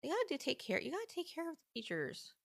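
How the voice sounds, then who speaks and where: Gravelly-voiced woman venting on a live stream. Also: high voice, fast. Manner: animated, indignant, frequent "like". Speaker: livestream host. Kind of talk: casual live-stream chat.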